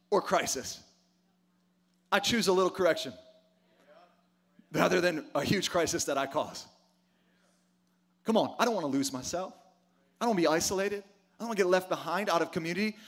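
A middle-aged pastor with a high-pitched, fairly bright voice preaches a sermon. He is emphatic, asking rhetorical questions and calling on the congregation to respond.

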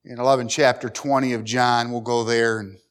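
A middle-aged man preaching a sermon, folksy and emphatic, climbing to loud high peaks and repeating words. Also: flat delivery, fairly quick, clean tone. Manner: emphatic, rising loud at key points. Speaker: pastor.

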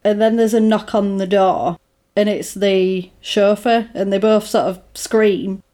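A woman's voice: medium pitch, steady tone, a little slow, dark tone. A woman chatting casually as a co-host, retelling a film scene by scene, with lots of "like" and "basically", and acting out the characters' lines. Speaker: podcast co-host recapping a film. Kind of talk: casual chat.

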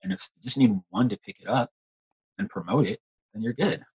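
A man's voice: medium pitch, very animated, a little fast, gravelly, breathy edge, low-quality recording. A young man, an actor chatting in a casual interview, rambling and repeating words. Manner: rambling, repeats words, says "like" and "you know" often. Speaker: actor guest.

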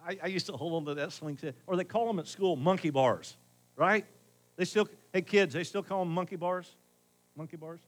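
Middle-aged guy preaching, kinda high voice, chatty sermon, gets loud then goes quiet. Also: normal speed, poor audio. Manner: conversational preaching, shifts between loud emphasis and hushed asides. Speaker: pastor.

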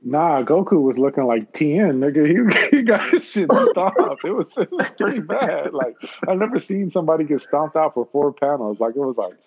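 A man co-hosting a podcast in casual chat, animated and laughing as he acts out scenes. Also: a little high, normal speed, husky, dull audio. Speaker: podcast co-host.

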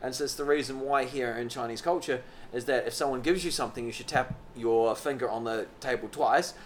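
With a medium-pitched voice and a brisk delivery, this young podcast co-host launches into rambling, profane anecdotes during casual banter. Based in a southern Chinese city, he tells them with animation, and a little hiss or hum runs underneath.

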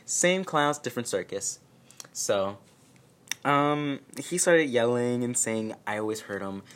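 Speaking in a mid-range, somewhat bright voice at a slightly slow pace, a vlogger tells a personal story at home while a dog lingers nearby. The tone is sarcastic and self-deprecating, with quoted lines acted out in exaggerated voices.

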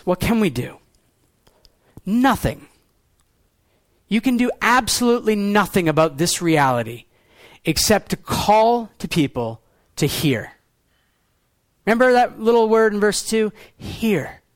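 Young male pastor, very high voice, earnest sermon delivery, dry close recording. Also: big pitch swings, no room sound. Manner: earnest, shifts between quiet low lines and quick pointed rhetoric.

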